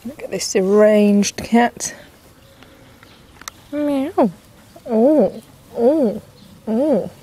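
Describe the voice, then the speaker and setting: A woman's voice: a little high, lively intonation, extremely slow, pauses often, warm tone, breathy edge. A woman filming her cat in a garden, cooing and teasing him in affectionate baby talk. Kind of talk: casual baby talk to a pet. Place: garden, outdoors.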